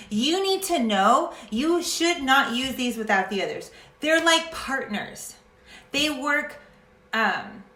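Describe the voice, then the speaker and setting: A woman's voice: a little high, bright, forceful tone, reverberant. A woman talking casually to camera about essential oils in a chatty, passionate way that sometimes turns into a rant. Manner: chatty and passionate, ranting at times. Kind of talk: casual vlog talk to camera.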